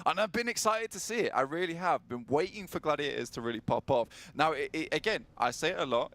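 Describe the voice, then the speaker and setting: A man casting esports, excitable and joking, laughing often as he talks. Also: medium pitch, no echo. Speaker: esports caster. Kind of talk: esports analysis desk chat.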